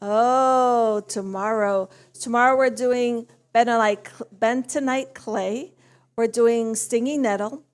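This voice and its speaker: Slow-speaking woman giving event announcements. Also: on the high side, fairly even intonation, smooth. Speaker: event organizer.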